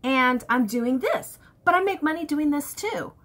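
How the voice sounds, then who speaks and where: Lively, bright-voiced woman vlogger. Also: sits high, unhurried. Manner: candid, chatty storytelling. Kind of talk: casual chat to camera.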